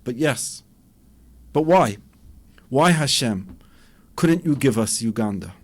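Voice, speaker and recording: A man's voice: medium pitch, expressive, slow pace. A man, a rabbi, giving an impassioned Torah lecture and acting out dialogues with a rising voice.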